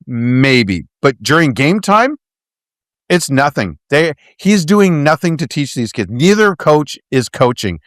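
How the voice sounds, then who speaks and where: A man's voice: a little high, big pitch swings, slow, fairly bright tone, no echo, clean studio sound. A man from Canada co-hosting a casual movie podcast, sarcastic and joking, with lots of fillers and restarts. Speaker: podcast co-host.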